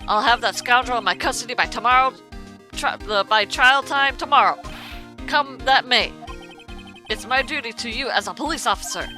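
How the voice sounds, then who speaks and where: A woman reading game lines as a loud, good-natured male police detective in a hearty voice. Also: on the high side, normal speed. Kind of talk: reading game dialogue aloud on stream. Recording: music playing behind.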